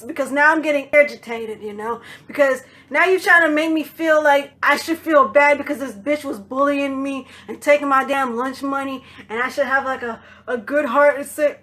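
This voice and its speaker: A woman telling a personal story in a casual, rambling way, blunt and swearing freely, with lots of "you know" and "like", often trailing off into a low murmur. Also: normal speed, few pauses, fairly bright tone. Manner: drops to low murmurs at the end of phrases.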